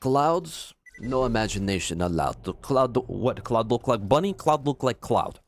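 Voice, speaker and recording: A man voicing a gruff male soldier with a mock Russian accent, speaking in blunt, broken English. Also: medium pitch, expressive, measured pace, slight background noise. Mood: boastful.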